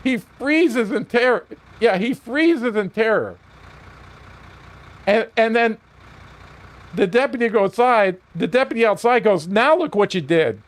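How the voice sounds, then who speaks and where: A man's voice: very high voice, expressive, a little slow, pauses often. A man streaming a video game while telling a heated, profane story, often laughing.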